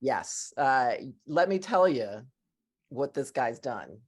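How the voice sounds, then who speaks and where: A woman with an unusually deep voice hosts a podcast in relaxed conversation. Her humor is dry and deadpan, delivered offhandedly. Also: slow pace, breathy edge. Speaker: podcast host. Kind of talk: casual chat.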